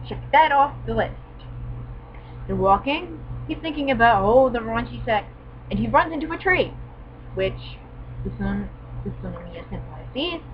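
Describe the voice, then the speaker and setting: Woman, snarky anime reviewer, fairly high voice, slightly dull recording with faint hiss. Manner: snarky, profane, mock-exasperated asides. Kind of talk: sarcastic casual commentary.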